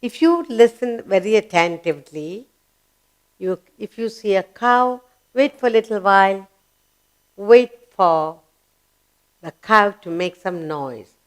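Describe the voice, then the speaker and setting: A woman teaching young children with an Indian English accent, in a slow, coaxing, sing-song way, asking questions and answering them herself, and spelling words out letter by letter. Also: medium pitch. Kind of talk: kids' lesson narration.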